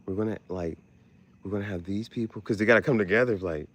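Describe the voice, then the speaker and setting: A man hosting a casual podcast chat, animated and profane, often jumping into squeaky exclamations. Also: fast talker. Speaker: podcast host.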